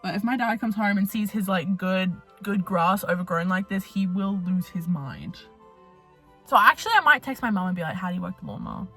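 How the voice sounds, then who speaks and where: A young woman, talking in an animated, profane, rambling way in a casual vlog. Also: mid-range voice, moderate pace, breathy edge, faint music behind. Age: young adult. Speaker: vlogger.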